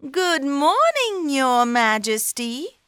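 A woman voicing a clever male talking cat in a storybook, high-pitched and excitable. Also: takes it slowly, dry recording, clean studio sound, heavily acted. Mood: eager. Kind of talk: storybook reading.

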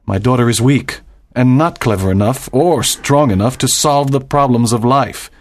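A man's voice: medium pitch, normal speed, lightly acted. A man voicing a stern, proud doctor and father in a dramatized audiobook, speaking formally and with emphasis.

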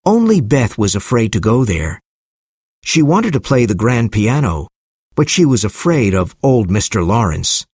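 A man narrating a simple storybook in a clear, measured reading voice. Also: fairly low pitch, big pitch swings, a little mellow, no room sound, studio quality.

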